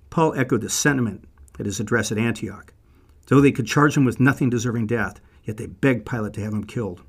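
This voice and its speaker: A man's voice: mid-range voice, fairly quick, breathy edge. A man teaching a Bible lesson as vivid, conversational storytelling.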